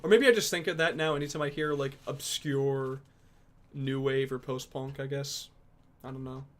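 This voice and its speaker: A man's voice: mid-range voice, fairly even intonation, normal speed. Rambling young man reacting to songs. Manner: rambling, thinking aloud, swearing, filler-heavy. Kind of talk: casual music reaction chat. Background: faint music from the songs he plays.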